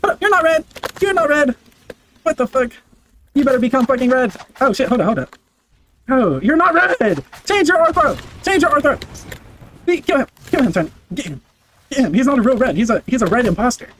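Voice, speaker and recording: A man giving loud, excitable gameplay commentary, full of brash trash talk, swearing and repeated barked commands. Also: very high-pitched, fairly quick, a little hiss or hum. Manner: barks repeated commands and chants. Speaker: gaming video creator.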